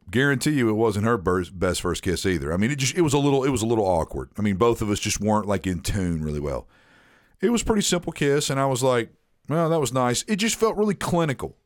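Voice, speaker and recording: A man's voice: medium pitch, no room sound, clean studio sound. A man telling a long personal story in casual chat, rambling and repeating himself as he acts out what was said.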